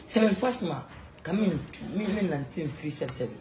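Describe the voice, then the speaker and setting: This high-pitched, expressive man speaks fairly quickly against background noise. He's a comic actor with a Ghanaian accent doing an improvised skit, rambling, laughing, and slipping into sung praise.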